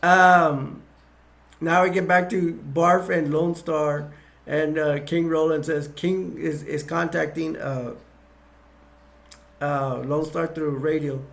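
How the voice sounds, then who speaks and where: Man, amateur movie reviewer, gravelly, slightly higher voice, halting, rambling scene recap. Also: flat delivery, a bit bright. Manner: halting and rambling, many restarts, chuckles as he goes. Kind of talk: casual scene-by-scene retelling.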